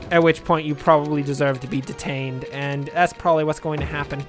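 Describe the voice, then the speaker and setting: A man with a fairly high voice talks his way through a city-building game in an easy, offhand manner. He rambles from one joke to the next, dry and self-mocking, and spins out absurd tangents. Faint music plays behind him. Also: fairly even intonation, a little fast. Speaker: let's play commentator. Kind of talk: casual gameplay commentary.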